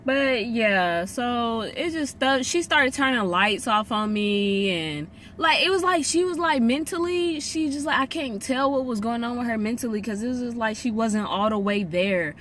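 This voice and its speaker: A woman's voice: a little high, lively intonation, moderate pace, hardly any pauses, fairly bright tone, a little hiss or hum. A young woman telling a story to camera in a casual vlog, emphatic and slangy, often repeating herself for stress. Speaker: vlogger.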